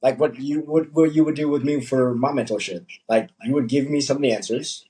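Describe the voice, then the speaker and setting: Husky young man, animated coach talk. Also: mid-range voice, brisk, low-quality recording. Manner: animated storytelling, acts out quotes. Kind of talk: casual podcast chat.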